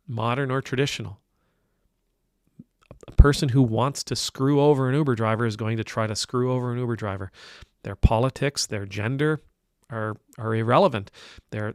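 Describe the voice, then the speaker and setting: Gravelly-voiced man commenting casually. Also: mid-range voice, dry recording, studio quality. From Canada. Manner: conversational, searching for words, emphatic when objecting. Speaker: Anglican priest commentator.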